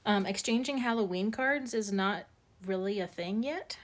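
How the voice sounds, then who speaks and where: A woman streaming her card making from home, thinking aloud and muttering softly to herself as she sorts through supplies. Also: mid-range voice, moderate pace. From United States. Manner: muttering to herself while sorting supplies, soft asides. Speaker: craft streamer. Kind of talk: casual craft livestream chat.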